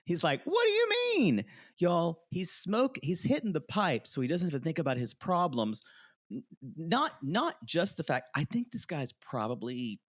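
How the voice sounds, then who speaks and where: A man's voice: on the high side, moderate pace, no room sound, clean studio sound. A man co-hosting a podcast, recapping a reality show in casual chat and acting out what people said. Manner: animated, acts out quotes in voices. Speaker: podcast co-host.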